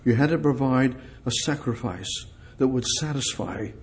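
This pastor's sermon is spoken directly to God, full of repeated short phrases that swing from loud and emphatic to soft and hushed. His pitch is medium and his pace moderate.

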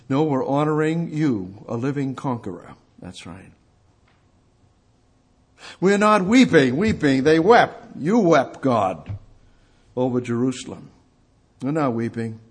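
A man preaching a sermon, fervent and repetitive, swinging between loud outbursts and hushed prayer. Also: mid-range voice.

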